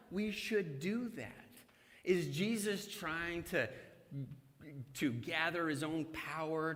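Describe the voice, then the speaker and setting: A middle-aged man preaches from a church sanctuary, his fairly high voice carrying a relaxed, storytelling tone. He shifts between scripture and wry anecdotes from family life. His voice rings out with a long reverb from the hall. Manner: conversational preaching with humorous personal stories. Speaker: pastor. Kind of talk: sermon.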